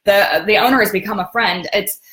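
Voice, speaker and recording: A woman hosting a travel segment, chatting casually to viewers and often pausing to search for words. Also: mid-range voice, a bit bright. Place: home in Atlanta. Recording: roomy echo.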